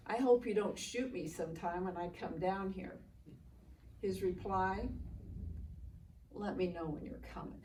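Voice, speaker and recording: An older woman speaks slowly and earnestly at a memorial ceremony and tells family stories in plain words. Her voice sits back from the microphone in a roomy space. A faint hum of ambience runs underneath. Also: medium pitch. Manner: slow, earnest storytelling with quoted dialogue. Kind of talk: heartfelt speech at a public ceremony. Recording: roomy, distant mic with faint background noise.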